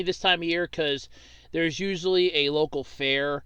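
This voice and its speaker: A man chats casually as host of a viewer Q&A, wandering through his answers with plenty of fillers and false starts. His voice is bright and crisp, a little stuffy from allergies, and recorded dry and close. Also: fairly high pitch, steady tone, a little slow, no room sound, lo-fi sound. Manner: rambling, with many fillers and restarts. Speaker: host of a monthly Q&A video.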